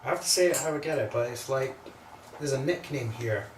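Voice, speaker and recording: A man serves as a medium on a ghost hunt, talking in halting, searching bursts and repeating his words. The recording is echoey and distant from the mic, with faint hum behind it. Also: medium pitch. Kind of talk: psychic readings on a paranormal tour.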